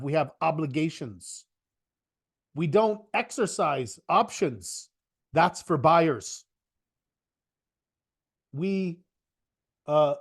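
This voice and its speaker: A man teaches options trading in a relaxed live online class, trading quips and wandering into asides. His voice sits slightly high for a man, and he keeps a chatty, good-humored rhythm throughout. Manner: joking, chatty, rambling asides.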